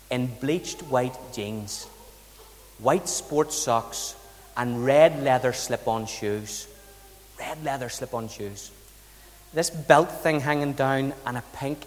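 A man's voice: mid-range voice, long reverb tail. A man with an Irish accent, from the south of Ireland, preaching a sermon with chatty storytelling and rhetorical questions. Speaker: pastor.

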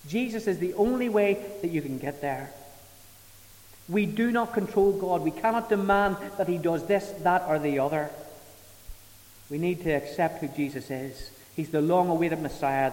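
A man preaching a sermon, emphatic, swelling to loud peaks and falling back soft. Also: sits high. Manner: emphatic, rising to loud dramatic peaks, then dropping soft. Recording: reverberant hall.

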